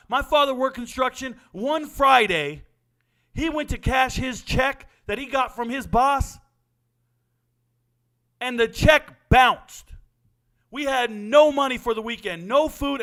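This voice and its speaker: Man, forties, high voice, blunt, profane, sports talk host. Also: lively intonation, unhurried, fairly bright tone. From Southern California. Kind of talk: impassioned monologue.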